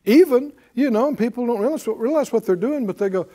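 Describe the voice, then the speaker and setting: A man's voice: very high-pitched, animated, fast talker, dark tone. A man preaching a sermon in an emphatic call-and-response style, leading the congregation in repeating lines.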